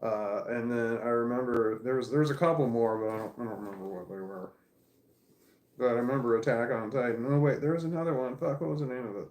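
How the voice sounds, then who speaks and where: A man's voice: mid-range voice, fast talker, darkish tone. A man talking casually on a livestream, rambling and swearing as he tells a story, recorded in an echoey living room. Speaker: livestream host.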